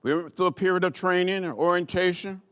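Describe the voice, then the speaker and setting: An older man from rural Alabama, giving a measured, rhythmic speech with repeated phrases, like a preacher. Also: high-pitched, steady tone, a bit bright, smooth, dull audio. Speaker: guest speaker at a library author event. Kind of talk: oratorical storytelling speech.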